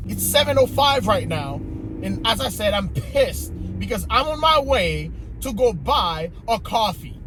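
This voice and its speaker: A man's voice: high voice, a bit bright, a little hiss or hum. Exasperated stammering man ranting in a car. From Haiti. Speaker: comedy creator. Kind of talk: comedic monologue skit.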